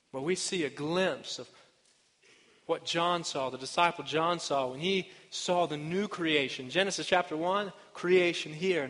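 A man preaching a sermon as pastor, earnest, repeating each point and swinging between emphatic and hushed delivery. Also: a little high, in a large hall. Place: church sanctuary.

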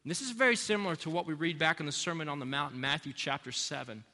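A man preaches in a church sanctuary, his bright, somewhat high voice ringing with a long hall reverb. He speaks earnestly and repeats key phrases to drive them home. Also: fast talker. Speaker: pastor. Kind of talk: sermon.

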